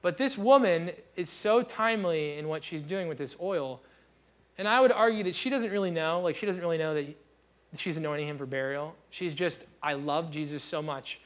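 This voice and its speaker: Lively, conversational young male pastor. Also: a little high, normal speed. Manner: casual, conversational preaching with lively acted-out asides. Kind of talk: sermon.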